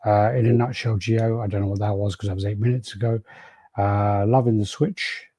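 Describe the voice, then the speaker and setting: A man's voice: fairly low pitch, fairly even intonation, a little fast, mellow, no room sound. A man hosting a casual podcast, rambling through stories, acting out quotes and swearing freely. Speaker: podcast host. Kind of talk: casual chat.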